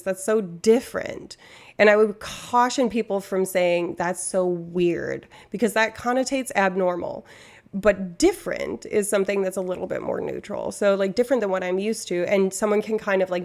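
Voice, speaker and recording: A young woman from Canada chatting casually on a live stream, rambling and interrupting herself. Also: mid-range voice.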